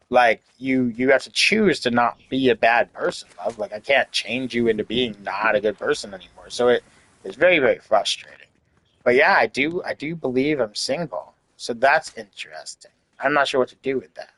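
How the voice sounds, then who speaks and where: A man in his late thirties talks through a frustrating stretch in a loose, rambling way, full of "like" and blunt swearing. His voice sits at an ordinary middle pitch. The sound is dry and close, with no room around it. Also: fairly bright tone, no room sound, poor audio. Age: 30s. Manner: candid, rambling, frequent "like" and swearing. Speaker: host. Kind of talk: casual venting chat.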